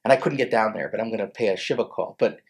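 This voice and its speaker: A man in his forties, a lawyer and podcast guest, telling personal stories in a casual, halting way with many restarts. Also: fairly low pitch. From Connecticut, USA. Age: 40s. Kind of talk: casual storytelling interview.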